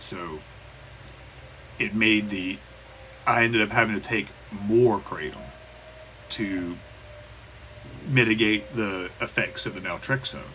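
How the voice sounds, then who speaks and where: A man in his thirties talking haltingly in a personal recovery vlog, with many restarts and fillers. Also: lowish voice, pushed and bright. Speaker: vlogger. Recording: poor cheap-mic sound with faint hiss.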